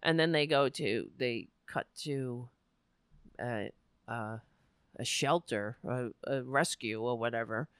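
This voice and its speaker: Emotional woman host, smooth dry voice. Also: very deep voice, takes it slowly, no echo. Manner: emotional, rambling, restarts and trails off into soft murmurs. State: near tears. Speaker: talk show host. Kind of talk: casual on-air monologue.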